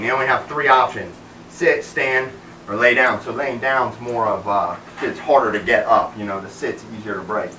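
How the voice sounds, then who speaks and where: A man training a dog outdoors in the shade, explaining calmly between sharp sit and heel commands, recorded by a camera at a distance. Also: medium pitch, a little hiss or hum. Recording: roomy, distant outdoor sound, faint ambience.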